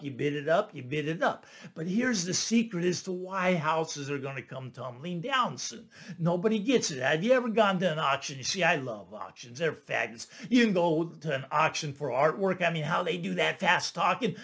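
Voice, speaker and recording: Man, middle-aged, high-pitched, casual commentary, animated, repeats phrases. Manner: animated, repeats phrases for emphasis, asks "right?" often. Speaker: real estate agent and channel host. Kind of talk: casual talking-head commentary.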